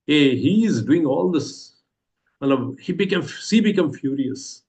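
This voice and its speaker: A man's voice: on the high side, lively intonation, a little slow, gravelly, a little mellow. An Indian-accented man teaching a scripture class, retelling the story and asking "what happens" again and again with frequent hesitant fillers. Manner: repeats rhetorical questions, hesitant fillers.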